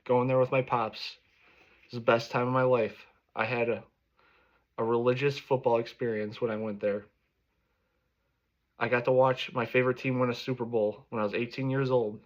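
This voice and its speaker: A man's voice: mid-range voice, level tone, normal speed, pauses often. Man in his 30s, furious profane fan rant, lo-fi sound. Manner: angry, profane ranting. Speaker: sports fan vlogger. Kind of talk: reaction rant. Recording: dull lo-fi recording.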